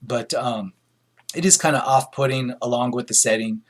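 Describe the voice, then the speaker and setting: A man's voice: medium pitch, fairly even intonation, moderate pace. A middle-aged man from Northern California giving a rambling, opinionated film review in a casual, unscripted way, with plenty of fillers and restarts. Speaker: movie reviewer.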